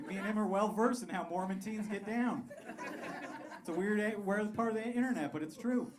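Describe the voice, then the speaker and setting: A man in his thirties doing a crude, animated stand-up set on a comedy club stage, laughing through his punchlines. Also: high voice, brisk. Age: 30s. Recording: live club recording, crowd and room noise.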